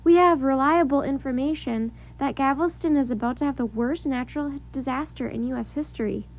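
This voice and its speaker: A woman's voice: high voice, brisk, a little hiss or hum. A woman voicing an urgent, spirited young girl. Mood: earnest. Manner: urgent, insistent pleading.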